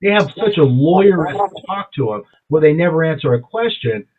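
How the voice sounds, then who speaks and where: A man's voice: on the high side, animated, normal speed, a little hiss or hum. A man co-hosting a casual podcast chat, rambling and swearing with enthusiasm. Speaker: podcast co-host. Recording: tinny phone-like sound.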